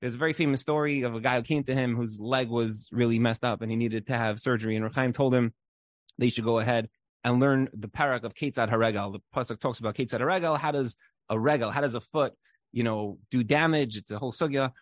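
A man teaches a casual Torah class, telling stories loosely and conversationally with lots of "like" as filler. His voice is medium-pitched and quick, with no room sound.

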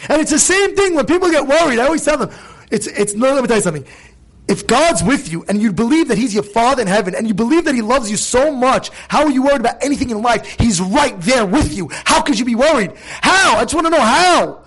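Rabbi, male, high-pitched, emphatic sermon delivery, lots of rhetorical questions. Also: expressive, quick pace, a bit bright, slightly rough.

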